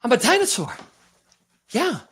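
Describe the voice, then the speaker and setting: A man's voice: very high-pitched, wildly swooping pitch, unhurried, a bit bright, slightly rough, voice pushed up, exaggerated voice. A man doing an impression of a famous actor: breathless, punchy and dim, acting as if he talks with his hands. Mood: goofy.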